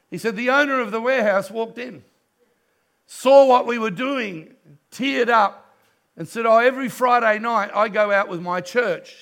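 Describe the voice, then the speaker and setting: A middle-aged man, preaching a sermon in church and telling a story with passion, dropping to a hush and then rising loud. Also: high-pitched, vocal fry. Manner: impassioned storytelling preacher, swings from hushed to loud. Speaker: pastor.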